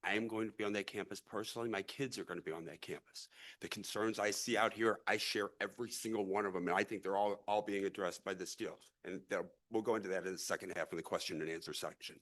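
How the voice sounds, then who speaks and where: Speaking quickly in a lowish, steady, fairly bright voice, this middle-aged man raised in the St. Louis area addresses the city council as a real estate investor. His speech is passionate and meandering, earnest, with words often repeated or begun again.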